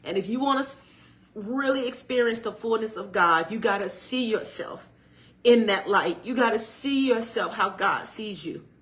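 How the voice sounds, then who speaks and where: A middle-aged woman talks casually on a livestream. Her voice is bright and forceful, and she greets viewers by name. She slips into an encouraging, preacherly tone, like a minister talking to her community. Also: fairly high pitch, animated, moderate pace. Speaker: channel co-host and minister.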